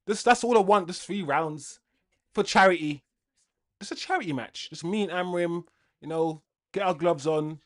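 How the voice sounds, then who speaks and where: Young guy ranting on his stream, fired up and kinda high voiced. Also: moderate pace. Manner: angry, ranting, lively with laughs. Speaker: fan livestream host. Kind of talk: casual watchalong livestream chat.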